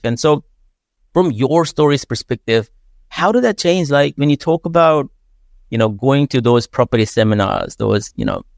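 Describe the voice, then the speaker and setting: A man's voice: medium pitch, vocal fry, no room sound. A man hosting a podcast, chatty, sharing his own stories and tagging lines with "right?". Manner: chatty, tags sentences with "right?". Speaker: podcast host. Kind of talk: casual podcast interview.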